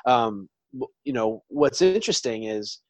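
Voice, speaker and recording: A man's voice: mid-range voice, expressive, measured pace, darkish tone, dry recording. Rambling man in his forties, dry sound. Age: 40s. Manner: rambling storyteller, trails off and restarts. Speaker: podcast guest. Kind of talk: casual interview chat.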